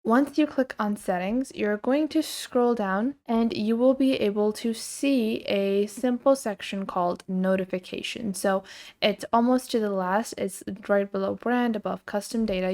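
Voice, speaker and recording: A woman hosting a screen-recorded software tutorial, explaining each step casually and with filler words. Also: mid-range voice, normal speed. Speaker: tutorial host.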